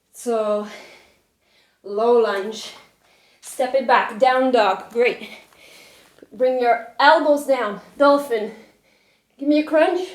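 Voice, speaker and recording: High, unhurried female yoga teacher, winded from doing the flow, encouraging; echoey room. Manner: encouraging, breathy cues with light laughter. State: out of breath. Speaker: yoga instructor. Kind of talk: cueing a yoga workout while doing it.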